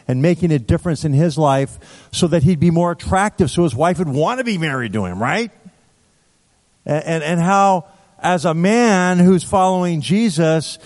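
A man preaching, telling a story in a conversational, animated way with asides to the audience. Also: medium pitch. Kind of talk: sermon storytelling. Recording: reverberant hall.

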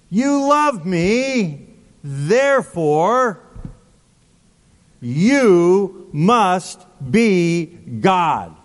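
Man putting on a grateful pet dog, slow drawn-out words, lively pitch, big reverberant hall. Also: full character voice.

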